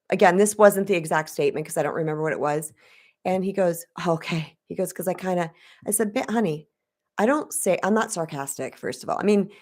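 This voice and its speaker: A woman relationship coach speaking frankly to her viewers in a casual, direct way, telling stories and talking in a lively, straight-talking manner. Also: lowish voice. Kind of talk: casual direct-to-camera talk.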